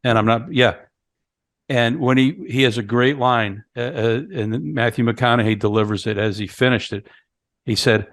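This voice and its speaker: A man's voice: medium pitch, steady tone, normal speed, no echo. Man co-hosting a horror film podcast. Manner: retells scenes, acting out lines. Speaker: podcast co-host. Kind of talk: casual movie review chat.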